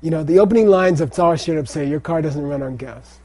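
A middle-aged man with a fairly high but dark-toned voice talks fast while teaching Tibetan pronunciation and Buddhist texts. He keeps repeating phrases and checking on his students with "okay?"

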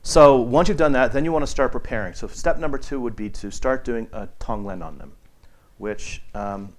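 Speaking at normal speed in a medium-pitched voice, a man offers a group a relaxed meditation teaching. His talk wanders, full of fillers and false starts, and he performs the voices of anyone he quotes.

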